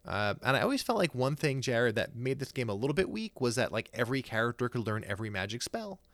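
A man's voice: medium pitch, big pitch swings, quick pace, fairly bright tone, no room sound. A man co-hosting a podcast, talking casually and enthusiastically, rambling with many fillers and restarts. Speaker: podcast co-host.

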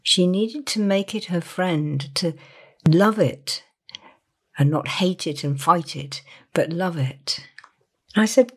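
A woman, working as a therapist or coach, talking earnestly about a client session in a gentle manner and softening to near-whispers for emphasis. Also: lowish voice, slow pace, long pauses, husky.

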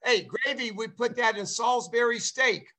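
A man's voice: extremely high pitch, normal speed, crowd noise. Rambling older man hosting a call. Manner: rambling, excitable, many uh fillers. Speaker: show host, former ballplayer. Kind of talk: casual chat. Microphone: video call.

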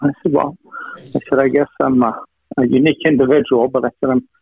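Heard over a thin, dry phone-like line, a man's gravelly, medium-pitched voice has a breathy edge, flat delivery and a slightly fast pace. He earnestly shares a personal testimony, thanking God along the way, and retells conversations line by line in a string of quoted "he said" lines.

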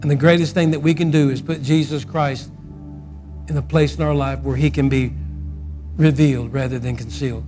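A man preaching a sermon and telling a story, swinging from loud quoted outbursts to a soft, quiet close. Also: fairly high pitch, steady tone, moderate pace, faint music behind.

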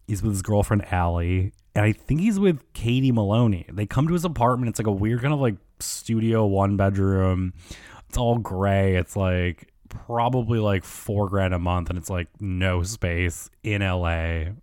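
Male podcast host, chatty and gossipy with a profane, filler-heavy flow. Fairly low voice, dead-dry studio sound. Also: moderate pace, a little mellow, no echo. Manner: chatty, gossipy, profane, lots of "like", mimics people in quotes. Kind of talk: casual solo podcast recap.

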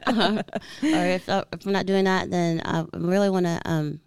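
A young woman with a soft, sweet voice, chatting as an interview guest, bubbly and quick to laugh. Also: on the low side, steady tone, smooth, dry recording, clean studio sound. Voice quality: soft, sweet voice that doesn't sound threatening. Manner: giggly, bubbly, frequent laughter. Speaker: interview guest, musician's wife. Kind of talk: casual interview chat.

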